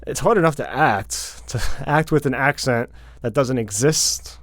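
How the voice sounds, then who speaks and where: A man co-hosting a podcast in casual chat, talking in rapid bursts with lots of "like" fillers. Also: medium pitch, fairly bright tone, no echo. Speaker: podcast co-host.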